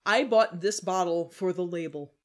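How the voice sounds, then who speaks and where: Playful woman in her thirties. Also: lowish voice. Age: 30s. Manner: playful, quick to laugh, jokey. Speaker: podcast co-host. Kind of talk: casual chat over wine.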